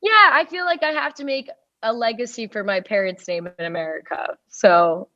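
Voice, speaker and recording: Speaking in a fairly high, sharp-toned voice at a moderate pace, a young Russian woman in her twenties chats on a podcast as a guest comedian. She wanders from point to point with plenty of fillers, and the audio sounds dull, dry, and lo-fi.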